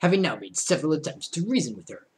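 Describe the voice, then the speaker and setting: A stern male faction leader speaks in a cold, clipped, self-assured manner, as a man puts him on while reading aloud. The voice sits a little high and moves a lot in pitch. It sounds formal and sure of its own authority. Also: sing-song, fast, darkish tone. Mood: coldly formal.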